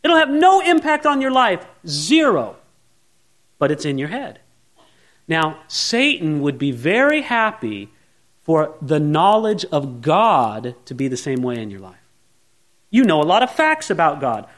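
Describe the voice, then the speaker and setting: Middle-aged preacher guy with a high voice, earnest, goes quiet then pleads loud. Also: very animated, measured pace. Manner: earnest, swings between quiet asides and raised pleading. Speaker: pastor. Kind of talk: sermon.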